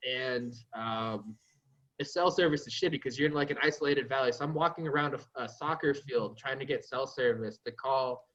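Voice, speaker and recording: A man from New York telling a story in an animated, profane, self-mocking way, on a podcast call. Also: mid-range voice, lo-fi sound. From New York, USA. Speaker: podcast guest. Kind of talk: casual storytelling.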